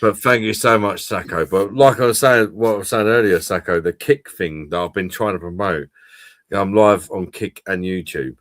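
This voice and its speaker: A man's voice: low-pitched, normal speed, a bit bright, no room sound. A man hosting a casual live stream, chatting to viewers and swearing freely.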